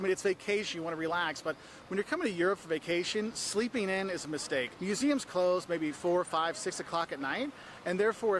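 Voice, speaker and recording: Man, brisk travel vlogger, high energetic delivery, faint street noise outdoors. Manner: energetic, emphatic, acts out tourists in quoted voices. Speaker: travel video host. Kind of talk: travel advice vlog.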